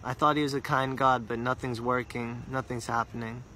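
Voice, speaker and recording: A man voicing a poor, desperate male water carrier who pleads with rising pitch. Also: flat delivery, moderate pace, bright, forceful tone, slight background noise, lightly acted. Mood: pleading.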